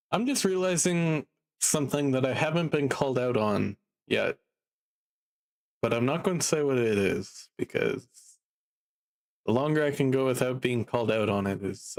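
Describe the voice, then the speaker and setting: A man streaming live and chatting casually, drowsy and a bit down, rambling slowly with lots of fillers. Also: mid-range voice. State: sleepy and low in mood.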